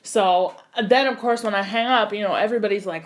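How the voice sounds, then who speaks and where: A young woman, an actor and singer, telling an animated story in a casual interview, full of "like" and "you know". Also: mid-range voice, fairly quick.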